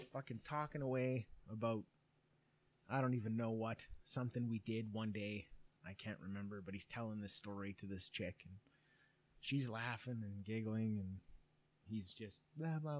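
A man in his thirties, a podcast co-host telling a long story in casual, profane chat. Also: medium pitch.

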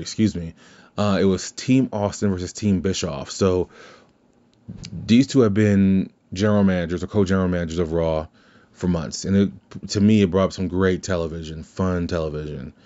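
A man's voice: low voice, dark tone. A man hosting a podcast in casual chat, rambling and cursing, with many restarts. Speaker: podcast host. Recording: slightly dull lo-fi sound.

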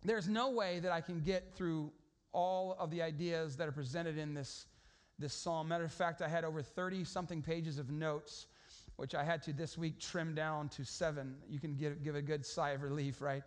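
High-voiced pastor, casual sermon. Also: male voice, fairly even intonation, moderate pace. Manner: conversational, storytelling, many restarts.

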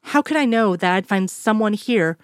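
A woman reading the lines of a middle-aged male federal agent in a dry, gently teasing way. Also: medium pitch, lively intonation, moderate pace, dry recording, lightly acted. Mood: tender.

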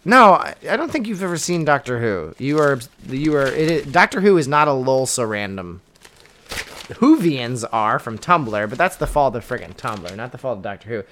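A man's voice: mid-range voice, sing-song, moderate pace, fairly bright tone, slight background noise. A young man chatting casually as a podcast co-host, rambling and wry, with lots of fillers and restarts. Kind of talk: casual chat.

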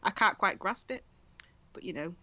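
With a mid-range voice at a moderate pace, this southern English woman co-hosts a podcast in relaxed conversation, laughing and doing animated impressions of what others said. The sound has no echo but the highs are cut off.

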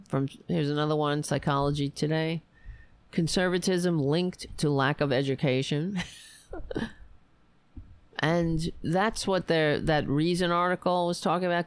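A woman hosting a political livestream, hoarse and raspy after a long show, reading headlines and commenting in a wry, meandering way. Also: sits low, no room sound. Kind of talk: casual opinionated commentary.

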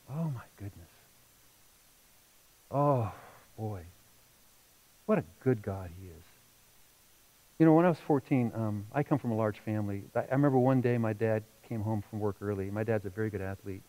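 Emotive male pastor, lively delivery. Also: mid-range voice, dull audio. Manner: emotional storytelling, rising and falling between hushed and loud. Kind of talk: sermon.

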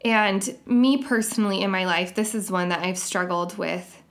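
A woman hosting a devotional podcast, talking in an earnest, reflective way and sharing personal experiences with soft laughs. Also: medium pitch, steady tone. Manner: reads scripture aloud in a measured way. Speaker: podcast host.

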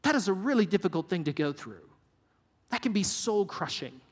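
A male pastor preaching an earnest sermon, slowing and dropping his voice low to stress points. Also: very animated, breathy edge, long reverb tail. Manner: earnest, varies pace and drops low for emphasis.

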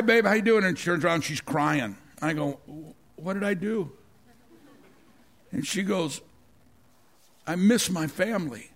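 A middle-aged male pastor delivering a sermon through a long personal story. His voice sits a little high for a man, and he keeps doubling back on words, stammering and restarting as the story builds. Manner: rambling, repeats words, stammers and restarts when excited.

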